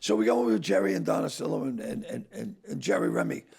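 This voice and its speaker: An older man, a comedian guest, telling stories in casual chat, acting out dialogue in quick bursts with a gravelly, husky voice. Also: fairly low pitch, a little mellow.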